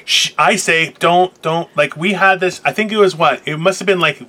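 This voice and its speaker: A man co-hosting a casual podcast over a video call, talking in profane, opinionated, animated rants. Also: sits high, moderate pace. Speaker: podcast co-host. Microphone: remote video call.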